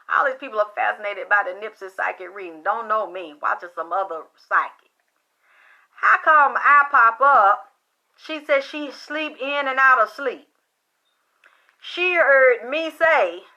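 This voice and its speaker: A woman psychic reader tells her story bluntly and excitably, cursing freely. Her voice sits high and sounds bright and sharp. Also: highs cut off. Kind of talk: profane storytelling monologue.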